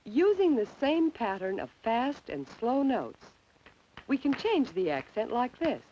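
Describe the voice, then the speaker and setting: A woman in scripted narration for children, gentle and coaxing, asking the listener questions over a 1950s film soundtrack. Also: a little high, big pitch swings, a little slow, dull audio, a little hiss or hum.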